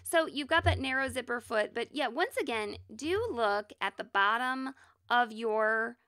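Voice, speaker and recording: A woman's voice: on the high side, lively intonation, measured pace, sharp tone, no echo, clean studio sound. A young woman co-hosting a sewing podcast, chatting casually, teasing and laughing often. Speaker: podcast co-host. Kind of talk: casual chat.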